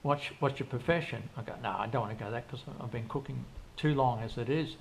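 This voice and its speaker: This older man, a guest in a casual interview, talks at a quick pace with vocal fry in a medium-pitched voice. His stories are long and rambling, packed with restarts and quoted dialogue, and there's faint background noise.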